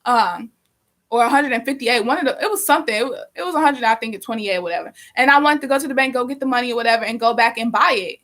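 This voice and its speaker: Young woman, bright and fairly high voice, chatty live-stream storyteller, swears freely. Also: fast talker. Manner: animated, profane, rambling with many fillers. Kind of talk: casual storytelling.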